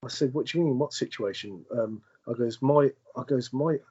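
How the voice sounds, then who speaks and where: A man, a podcast guest, telling a personal story in a halting way, with many restarts and repeated words. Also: mid-range voice, a little mellow, husky, highs cut off. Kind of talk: conversational storytelling.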